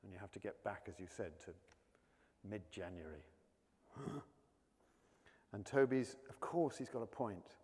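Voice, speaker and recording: A man's voice: fairly low pitch, expressive, unhurried, long pauses, a little mellow, slightly rough. A man from South London with a near-RP English accent, an actor talking in an anecdotal, chatty way during an onstage conversation with an audience, often repeating words as he restarts. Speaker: actor, interview guest. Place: college lecture hall. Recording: long hall reverb.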